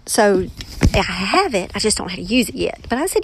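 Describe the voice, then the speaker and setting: A woman's voice: mid-range voice, sing-song, brisk, noisy background. A woman hosting her own podcast, telling a story casually and animatedly, acting out the voices she quotes. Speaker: podcast host, author and ninth-grade teacher.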